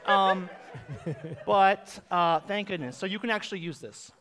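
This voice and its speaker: A man's voice: high voice, measured pace, fairly bright tone. A man hosting a live drag comedy game show on a theater stage, with campy, rambling, self-mocking banter into a handheld microphone.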